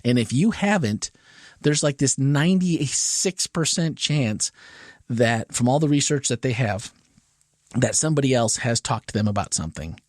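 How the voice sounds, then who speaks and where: A man's voice: lively intonation, normal speed, no echo. Middle-aged man telling stories in dry sound. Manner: storytelling, voices his daughter higher. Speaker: podcast co-host. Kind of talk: casual chat.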